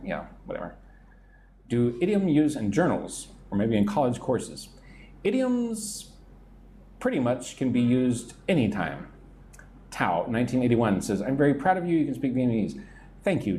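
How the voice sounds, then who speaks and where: American male English teacher, live stream on a phone, chatty, responds to viewer comments, expressive pitch. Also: slight background noise. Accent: General American. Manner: chatty, reads viewer comments aloud and answers them.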